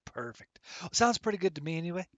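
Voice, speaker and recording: A man's voice: sits high, very animated, quick pace, fairly bright tone. A man talking casually as a game streamer in a rambling, chatty way with plenty of fillers. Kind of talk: casual gaming commentary.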